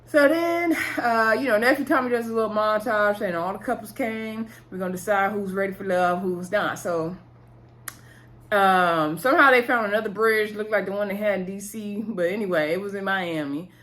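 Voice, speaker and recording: A woman's voice: mid-range voice, normal speed, a bit bright. Chatty woman recapping a show. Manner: chatty, talks to viewers as "y'all", laughs often. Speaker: reality TV recap vlogger.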